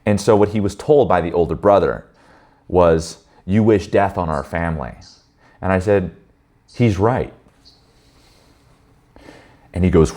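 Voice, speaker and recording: A man leading a men's group, telling stories in a blunt, profane and animated way. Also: deep voice, normal speed, long pauses. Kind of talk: candid group talk.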